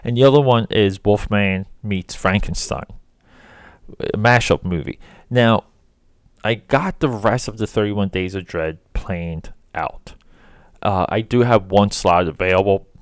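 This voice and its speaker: A man with a fairly low voice runs his own podcast solo, talking casually. He rambles with fillers and restarts but lands points emphatically. The sound is dry and close, with no room behind him. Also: unhurried, clean tone, no echo. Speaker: podcast host.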